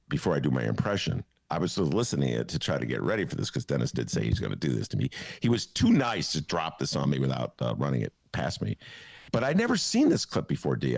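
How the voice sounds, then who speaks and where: A man's voice: rumbling low, creaky, slightly rough, no echo, clean studio sound. A man hosting a talk show, telling a rambling, jokey story in casual banter. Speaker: host.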